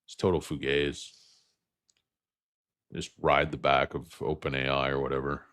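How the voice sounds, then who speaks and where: A man's voice: rumbling low, flat delivery, normal speed, a bit bright, dry recording, studio quality. A man in his fifties hosting a stock livestream, rambling and joking off on tangents; he sounds tired and as if he is losing his voice. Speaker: host.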